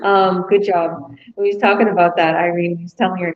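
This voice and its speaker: A woman's voice: mid-range voice, normal speed, darkish tone, highs cut off. A woman hosting a live business webinar, chatty and effusive, with many fillers.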